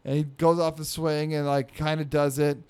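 A man's voice: on the high side, little pitch movement, normal speed, darkish tone, clean tone. A man telling a story in casual chat, rambling with lots of fillers. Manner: rambling, filler-heavy, acts out quotes in a raised voice.

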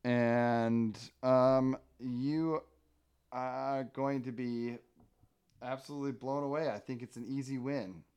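A man's voice: mid-range voice, steady tone, takes it slowly, darkish tone, clear, resonant tone, no echo, dull audio. A man co-hosting a loose comedy podcast, reading cheesy puns and cracking himself up. His voice sits mid-range for a man. The recording is dry and close. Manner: reads pun-filled comic strips aloud, laughing through them. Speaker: podcast co-host. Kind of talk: casual comedy podcast chat.

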